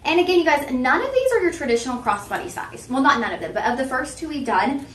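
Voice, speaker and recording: With a sing-song lilt, a quick pace and a fairly bright tone, a young shopping-channel host chats directly with viewers and teases herself. Her pitch is slightly high, and faint hiss underlies the roomy studio acoustics.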